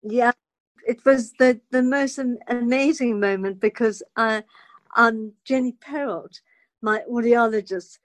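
Actress guest, bright-pitched and dry, relives moments dramatically with stammering restarts. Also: female voice, a little slow, no echo. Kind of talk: animated personal storytelling.

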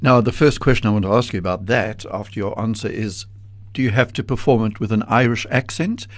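Male radio interviewer, low-pitched, courteous and measured, close dry studio sound. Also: dry recording. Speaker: radio host. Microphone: studio microphone.

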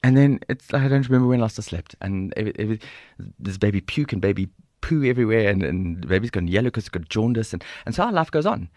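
A South African man in his forties speaks quickly with a lowish voice, close to a dry studio microphone. He tells his story with animation, acting out the voices in it and laughing often. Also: expressive, a little mellow, dry recording. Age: 40s. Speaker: guest speaker. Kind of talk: storytelling in a podcast interview.

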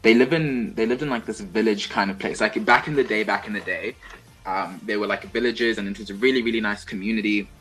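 A young man co-hosting a casual chat show, telling stories in an animated, chatty way. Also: lowish voice, fairly quick, faint music behind, rough recording. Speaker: co-host.

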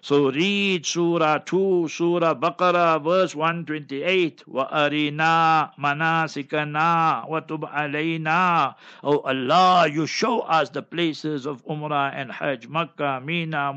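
A man's voice: a little high, steady tone, a little slow, hardly any pauses, bright, forceful tone, smooth. A man, a mufti answering listener questions on a religious talk show in a fiery, preachy way, mixing in anecdotes. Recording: dull lo-fi broadcast sound.

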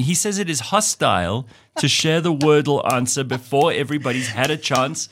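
A man's voice: mid-range voice, moderate pace, dry recording. A man from Africa, co-hosting a radio show in casual chat and telling stories animatedly. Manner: animated storyteller, laughs, puts on voices.

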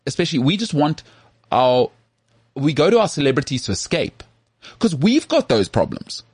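A man from South Africa co-hosting a podcast in casual chat, animated and full of restarts. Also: a little high, normal speed, breathy edge, dry recording, clean studio sound. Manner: animated, full of restarts and "you know what I mean". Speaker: podcast co-host.

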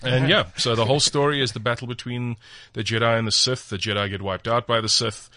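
A man's voice: medium pitch, fairly even intonation, a little fast, pushed and bright, dry recording. A South African man, a comedian and actor, chatting casually on a studio panel and explaining things at length with fillers.

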